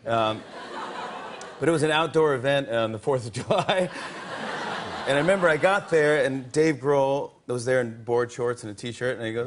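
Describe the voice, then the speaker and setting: A man hosting a talk show, telling a story about himself in an excited, self-mocking way, stumbling over his words and breaking into laughter. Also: mid-range voice, fairly quick, noisy background. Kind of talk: casual chat, telling a story to a guest. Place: TV studio.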